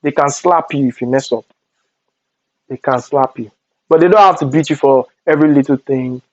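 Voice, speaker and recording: A young man with a Nigerian accent telling animated stories in a storytime vlog, slipping into Pidgin asides. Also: medium pitch, normal speed, no echo, muffled recording. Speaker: vlogger.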